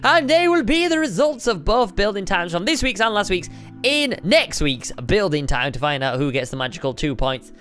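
A man hosting a casual building-game video, playful and excitable, joking about himself. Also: sits high, moderate pace, faint music behind. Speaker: YouTube host. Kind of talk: casual let's-play chat.

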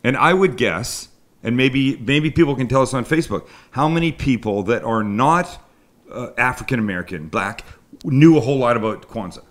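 A Canadian-accented man hosts a live cooking stream from a home kitchen studio, chatting with his crew in a rambling, self-deprecating way. His medium-pitched voice is a bit bright, with lively intonation and a normal pace.

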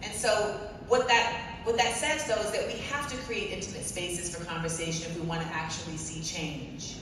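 A woman's voice: fairly low pitch, fairly even intonation, moderate pace. Brief: emphatic comic woman, distant mic, long echo and audience noise. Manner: sharp, emphatic and wry. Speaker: co-host on stage. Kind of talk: storytelling stage conversation. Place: large conference hall stage. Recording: echoey hall, far from mic, crowd noise.

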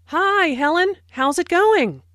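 Woman playing a friendly woman in a textbook dialogue, high voice, lively swooping intonation, dry sound. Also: takes it slowly, no echo, full character voice.

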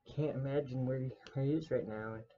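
A man's voice: medium pitch, brisk, lo-fi sound, background noise. A young man telling a rambling story to camera, casual and mock-dramatic, with lots of fillers.

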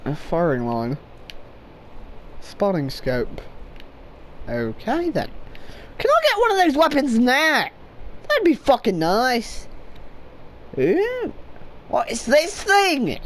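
A woman giving loud, profane commentary over gameplay, swearing and laughing often. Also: a little high, wildly swooping pitch, takes it slowly, long pauses, a little hiss or hum. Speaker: gaming video creator.

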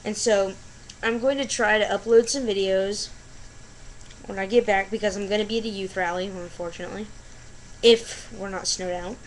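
A woman vlogging casually to camera at home at night, gushing and excitable, full of filler words. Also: medium pitch, moderate pace, slight background noise, low-quality recording.

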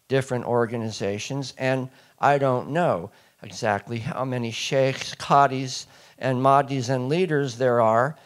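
Guy giving a talk, keeps throwing questions at the crowd, punchy emphasis, mid pitch. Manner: emphatic, asks the audience questions. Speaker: speaker at a public talk. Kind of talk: public lecture to a live audience.

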